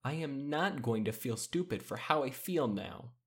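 A man's voice: mid-range voice, expressive, moderate pace, voice pushed up, natural voice. Brief: man reading as a defiant young teen heroine, voice lifted, earnest and wounded. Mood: hurt, defiant. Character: young teen girl hero, hurt but defiant.

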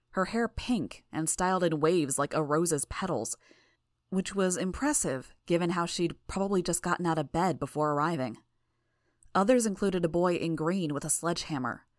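A woman reading a first-person audiobook in a measured, even way. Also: lowish voice, dry recording, studio quality. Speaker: audiobook narrator.

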